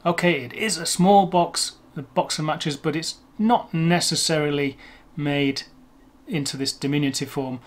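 Chatty English man teaching pronunciation. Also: fairly high pitch. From England. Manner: chatty, self-deprecating, slows to sound out words. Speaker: language teacher. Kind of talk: casual explanatory lesson.

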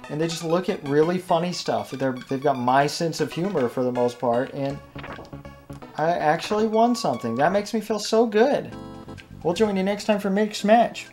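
A man's voice: a little high, animated, moderate pace, darkish tone. A young man rambling through casual, self-deprecating commentary while playing a video game, often laughing at his own jokes. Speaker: let's play gamer. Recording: game music playing underneath.

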